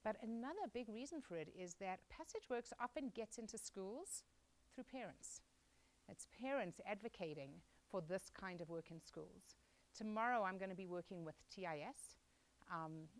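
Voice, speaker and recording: A woman's voice: on the low side, normal speed, poor audio. Teacher and guest speaker, woman, 40s, mixed South African accent, chatty, lots of ums. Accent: mixed South African, Australian and American. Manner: warm, chatty, many ums. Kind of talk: public talk to an audience.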